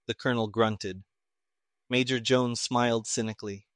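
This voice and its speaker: A man reading a detective story aloud in a steady, even voice. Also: on the low side, normal speed, dry recording, studio quality. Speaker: narrator. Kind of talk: audiobook narration.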